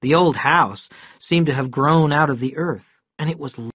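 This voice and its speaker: A reader narrating a simplified story for English learners, slow and deliberate, quieter on the narration. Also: medium pitch, breathy edge, dry recording, studio quality.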